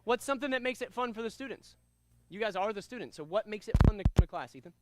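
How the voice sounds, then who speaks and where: A man teaching a kids' karate class, energetic and upbeat, leading commanding call-and-response drills. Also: high-pitched, fast. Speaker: karate instructor.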